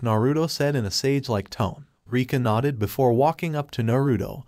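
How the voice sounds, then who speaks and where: A man reads a fan-made story aloud in a steady, even way. His voice sits at an ordinary mid pitch. The recording is dry and close, with no room sound. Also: a little fast, few pauses, no room sound. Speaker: narrator.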